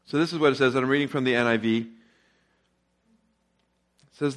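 A male pastor preaching a sermon in a relaxed, conversational storytelling way. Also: mid-range voice, brisk, pauses often.

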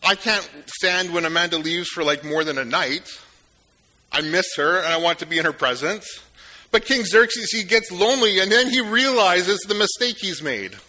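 Male pastor, sermon, high voice, very bright tone, chatty with joking asides. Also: normal speed.

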